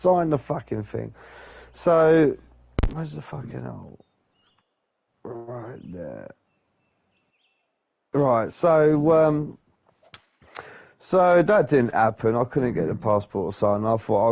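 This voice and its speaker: Gravelly-voiced sweary man. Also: mid-range voice, expressive, slow, long pauses, dull audio. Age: 30s. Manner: sweary, rambling, acts out other people's lines. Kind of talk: casual storytelling.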